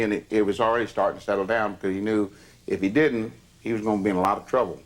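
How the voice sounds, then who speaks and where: Older man, lower voice, plain emphatic storyteller. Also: steady tone, very fast. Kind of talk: reminiscing anecdotes.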